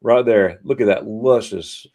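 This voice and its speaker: Animated middle-aged man telling stories. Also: lowish voice, measured pace. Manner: animated storytelling, quizzing listeners. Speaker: host. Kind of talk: casual live-stream chat.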